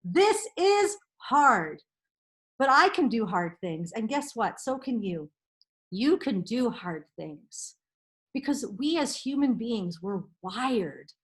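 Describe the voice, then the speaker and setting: A woman's voice: fairly high pitch, big pitch swings, slow. A middle-aged woman counsellor giving an earnest, emphatic motivational talk to parents, repeating key phrases.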